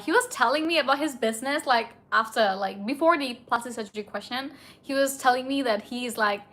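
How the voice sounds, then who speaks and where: Young woman, high voice, casual indignant storytime vlogger. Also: sharp tone. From India. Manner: chatty, indignant, heavy use of filler "like".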